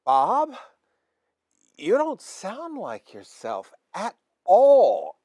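Man with a cold, movie host, comic sketch, swooping pitch, slow delivery. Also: huge pitch swings, darkish tone, no echo, studio quality. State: sick with a cold, coughing. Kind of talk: comedy sketch.

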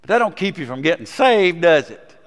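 A man's voice: on the high side, sing-song, fairly quick. A man, a pastor preaching a sermon in a folksy storytelling manner and putting questions to the congregation. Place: church sanctuary. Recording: long reverb in a church sanctuary.

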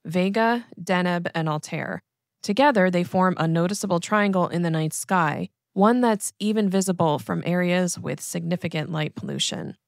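Gravelly low-voiced woman narrating a lesson. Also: no echo, studio quality. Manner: calm, clear instructional delivery. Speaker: astronomy educator. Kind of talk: scripted narration.

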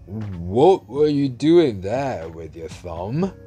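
A man voicing a weary old street beggar who answers in slow, clipped, grudging phrases. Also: lowish voice, big pitch swings, mellow, faint music behind, full character voice. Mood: gruff.

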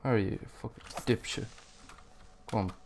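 A man's voice: lowish voice, moderate pace, creaky, darkish tone, slight background noise. A man giving let's play commentary, swearing constantly and venting frustrated outbursts at the game. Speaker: gamer.

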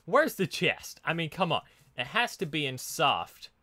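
A man's voice: fairly high pitch, very animated, unhurried, pushed and bright, no echo. A man hosting a let's play, chatting casually and laughing often while he explores and digs. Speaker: gaming channel host.

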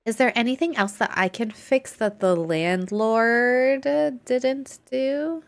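A woman's voice: a little high, takes it slowly. A woman giving casual live gameplay commentary, chatty and giggly, talking to the characters on her screen. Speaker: streamer.

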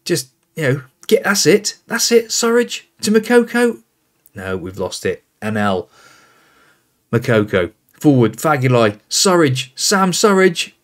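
A man's voice: a little high, big pitch swings, a little slow. A man hosting a football management game, calling out player names and reacting with exasperation as play unfolds. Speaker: gaming host. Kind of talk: casual game commentary.

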